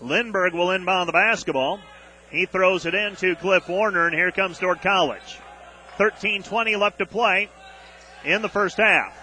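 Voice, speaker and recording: A man calling a college basketball game on radio, rattling off play-by-play and getting loud on big plays, openly exasperated with the officiating. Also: high-pitched, normal speed, a little hiss or hum.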